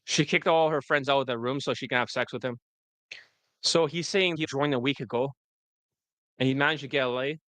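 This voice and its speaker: A man's voice: medium pitch, bright, forceful tone, no room sound. A man coaching on dating in a livestream replay, blunt and profane, with a loose and rambling delivery.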